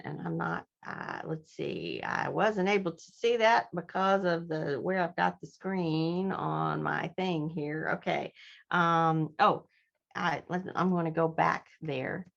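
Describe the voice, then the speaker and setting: Low gravelly lady giving an online talk to nurses, chatty, fixes herself a lot, muffled call audio. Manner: warm, chatty, with filler and self-corrections. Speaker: presenter. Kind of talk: virtual presentation to nurses. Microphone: video call.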